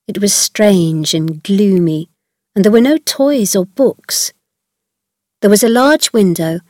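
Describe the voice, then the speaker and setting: Woman reading a storybook, steady and clear. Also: medium pitch, no echo, studio quality. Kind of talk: scripted storybook narration.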